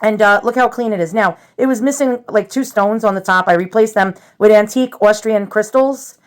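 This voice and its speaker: A woman's voice: medium pitch, normal speed. A woman hosting a casual show-and-tell vlog, chatty and rambling, with many fillers and restarts, nervous and self-deprecating. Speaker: antiques vlogger.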